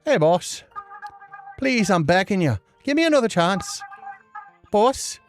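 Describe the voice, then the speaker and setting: A woman voicing a fast-talking, anxious male mouse deliveryman with an Irish accent, in a pleading, theatrical way. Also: mid-range voice, very animated, soft background music, voice pushed up. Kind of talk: let's play voice acting.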